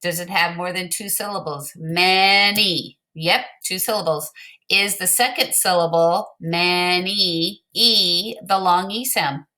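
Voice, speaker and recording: A woman teacher giving slow, clear, patient instructions to young pupils in a recorded word game lesson. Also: fairly low pitch, a bit bright.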